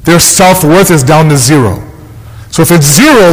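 A man's voice: a little high, normal speed. A man preaching a sermon as an imam, earnest and emphatic, hammering his points home by repeating key phrases. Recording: long hall reverb.

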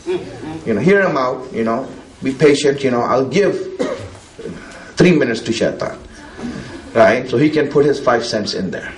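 A preacher gives a religious talk to a gathering in a conversational manner, packed with "you know" and other fillers, and asks his listeners questions. His medium-pitched voice is animated but a little slow, with frequent pauses. There's slight background noise and a roomy echo.

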